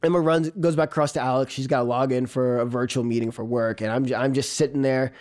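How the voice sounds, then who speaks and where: A man, a comedian, telling a personal story on stage in an animated way, often laughing and imitating a cat's meows. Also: mid-range voice, fast talker. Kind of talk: live storytelling.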